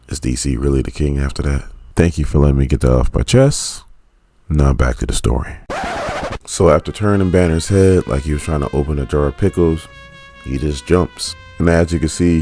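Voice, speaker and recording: A man's voice: very deep voice, mellow, no room sound. A man in his forties casually retelling a comic story, with laid-back joking asides. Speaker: comic book recap host.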